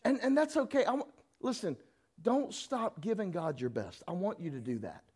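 A man's voice: sits high, big pitch swings, moderate pace, a little mellow, breathy edge. A man preaching a sermon, folksy and teasing, acting out little voices as he goes. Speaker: pastor.

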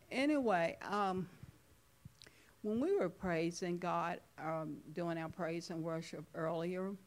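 A woman's voice: fairly low pitch, slow, long pauses, slight background noise. A woman sharing a devotional reflection at a church service, earnest and emphatic, repeating key words.

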